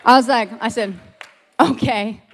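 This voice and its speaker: A woman's voice: mid-range voice, normal speed, a faint crowd, a little hiss or hum. A middle-aged woman telling a personal story to a group, acting out what others said and laughing often. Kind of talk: animated personal testimony.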